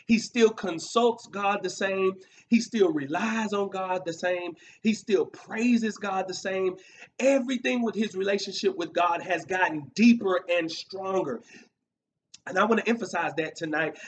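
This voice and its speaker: A man leading a Bible study, speaking earnestly, repeating key words for emphasis with frequent fillers. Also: sits high. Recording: distant mic with faint background noise.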